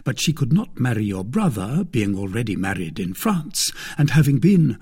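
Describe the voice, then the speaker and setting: A man voicing a hot-headed young male swordsman who speaks impatiently and emphatically, with a husky tone. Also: medium pitch, big pitch swings, moderate pace, darkish tone. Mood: earnest.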